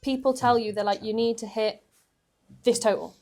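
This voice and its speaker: A woman in her twenties, a weightlifter guest, telling stories in a chatty, animated way on a podcast. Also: on the high side, normal speed. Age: 20s. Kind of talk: casual podcast chat.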